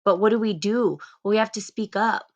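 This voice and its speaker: A woman hosting a casual live talk, blunt and animated, swearing freely as she calls people out. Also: mid-range voice, a little fast. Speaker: host.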